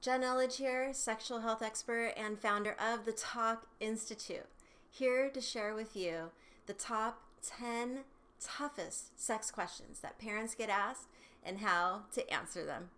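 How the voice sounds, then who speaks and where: A woman's voice: a little high, unhurried, a bit bright. A woman sexual health educator giving upbeat, conversational parenting advice straight to camera, with casual fillers.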